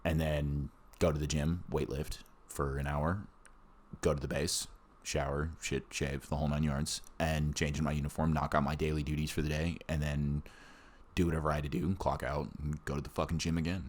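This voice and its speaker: A man's voice: rumbling low, level tone, normal speed. A man, a war veteran, telling his story in casual, profane podcast chat, blunt and often laughing.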